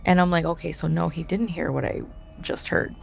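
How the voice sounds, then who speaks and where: A woman telling a ghost story in a casual, animated way, acting out the quotes and swearing as she goes. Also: deep voice, brisk, gravelly. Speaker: guest.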